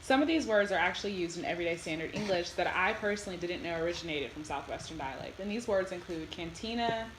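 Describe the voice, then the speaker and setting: A woman's voice: lowish voice, lively intonation, fast, few pauses, roomy sound, noisy background. A woman reading a prepared class presentation in a plain, informative way. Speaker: student presenter.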